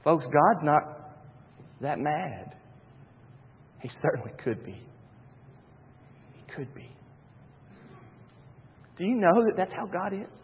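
A man preaching a sermon as pastor, swinging between hushed stretches and loud, excited ones. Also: fairly high pitch, measured pace, pauses often, slightly rough. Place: church sanctuary. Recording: dull reverberant church sound.

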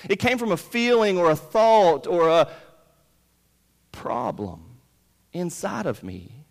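A man's voice: big pitch swings, slow. Emphatic male preacher in a reverberant hall. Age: 30s. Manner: emphatic preaching, rising loud on key points and dropping low. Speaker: pastor. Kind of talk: sermon. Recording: long reverb of a large hall.

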